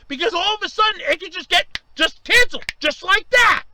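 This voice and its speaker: A man ranting angrily to camera, swearing and raising his voice to yelling, his voice strained from shouting. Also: very high voice, lively intonation, normal speed, hardly any pauses, noisy background. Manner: heated, swearing, raises voice to yelling. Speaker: vlogger. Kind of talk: angry ranting monologue.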